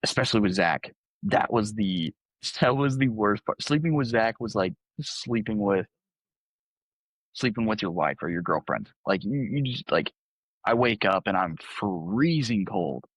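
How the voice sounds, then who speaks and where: A man's voice: fairly low pitch, lively intonation, a little slow, dry recording. A young man, a podcast guest, telling a story casually, full of "like" and acted-out quotes. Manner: laid-back, lots of "like", acts out quotes. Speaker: podcast guest, college baseball player.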